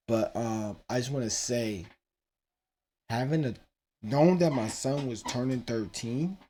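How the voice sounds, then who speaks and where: A man's voice: mid-range voice, warm tone, husky. A man in his thirties hosting his own podcast, rambling casually about his teenage son with loose, profane talk and laughing asides. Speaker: podcast host.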